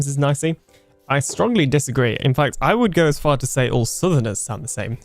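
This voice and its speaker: A man's voice: medium pitch, expressive, brisk, dry recording, soft background music. A young British man casually chatting on a live game stream, reading viewer comments aloud and laughing often as he trails off mid-sentence.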